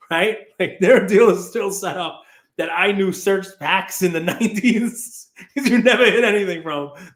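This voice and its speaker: A man's voice: fairly high pitch, roomy sound. A man hosting a podcast, telling a story casually and acting out the people in it. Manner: animated, acts out quoted people. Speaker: podcast host.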